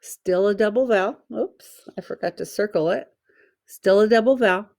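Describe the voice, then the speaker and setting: A woman teacher giving a slow, careful phonics lesson for children, sounding out letters and syllables one by one. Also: medium pitch, darkish tone.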